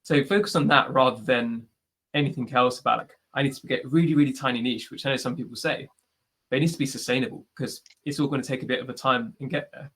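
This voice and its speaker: Taking questions in a live online Q&A via video call, a British podcast host gives chatty advice, often adding "like" and "right?". He talks fast in a steady, mid-range voice that's a bit bright with a breathy edge.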